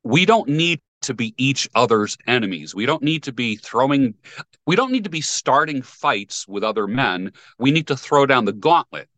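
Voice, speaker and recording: A man's voice: mid-range voice, sing-song, moderate pace, fairly bright tone, no echo. A man speaking as a podcast guest, firm and opinionated as he explains principles. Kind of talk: casual podcast conversation.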